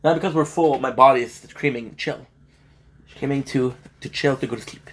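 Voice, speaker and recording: A man's voice: mid-range voice, fairly quick. A man live streaming, chatting casually and joking with his viewers before moving on to game commentary, sounding tired and a little sick. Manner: laid-back, joking banter with chat. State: tired and feeling a bit sick.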